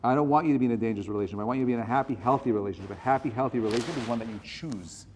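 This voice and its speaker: A man's voice: mid-range voice, very fast, darkish tone, slight background noise. A man, a rabbi, teaching a conversational class in an earnest, direct way. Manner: earnest and direct, acts out quoted dialogue.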